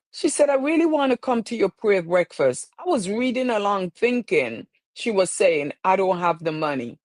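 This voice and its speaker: A woman with a mid-range voice hosts her own stream, speaking emotionally in a preacherly style full of repeated phrases. The recording is dry.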